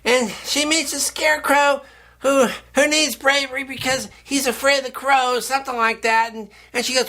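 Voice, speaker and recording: A man's voice: extremely high pitch, steady tone, brisk, bright, forceful tone. A man hosting a public access show, talking casually to the camera in a rambling way, often repeating and restarting his words.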